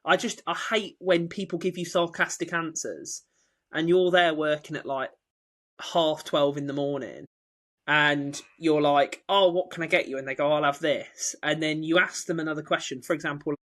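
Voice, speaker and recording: Young male co-host, slightly high voice, chatty storyteller who mimics the people he quotes. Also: fairly even intonation, moderate pace, a bit bright. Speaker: podcast co-host. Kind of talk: casual chat.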